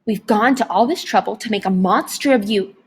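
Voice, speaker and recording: A woman's voice: mid-range voice, fairly quick, darkish tone, a little hiss or hum, lightly acted. A woman voicing a wiry, sly male creature who coaxes and taunts in a sing-song chant in a storybook reading. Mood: scornful.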